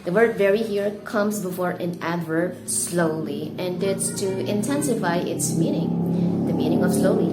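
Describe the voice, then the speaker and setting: Slow, careful Indonesian woman teacher. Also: on the low side, loud music behind the voice. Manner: slow, careful, stresses key words. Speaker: English teacher. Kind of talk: explanatory lesson. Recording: echoey room with faint noise.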